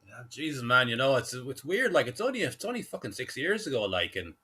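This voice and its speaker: A man's voice: mid-range voice, very animated, brisk, sharp tone, slight background noise. A man hosting a podcast, chatting casually in a laid-back way and swearing often. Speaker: podcast host.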